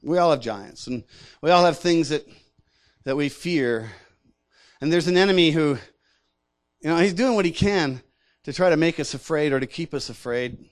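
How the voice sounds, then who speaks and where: A man's voice: a little high, animated, normal speed, long pauses. A man preaching a sermon in a conversational way, often repeating words and chuckling between points. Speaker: pastor.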